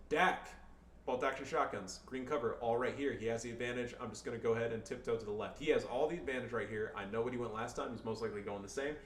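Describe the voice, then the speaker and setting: A man's voice: mid-range voice, far from the mic. A man commentating replays of his own strategy game matches in a loose, crude, joking way, with frequent swearing. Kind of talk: casual gameplay commentary. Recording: echoey room, voice off-mic, faint background noise.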